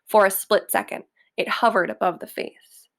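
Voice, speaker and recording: A woman reading a children's book aloud slowly and deliberately. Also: medium pitch. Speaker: reader.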